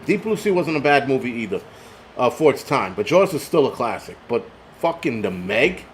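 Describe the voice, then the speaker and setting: Very animated in a mid-range voice at normal speed, a middle-aged man hosts a live stream, reading chat aloud and ranting profanely in a casual way while a little tipsy from liquor. There's slight background noise.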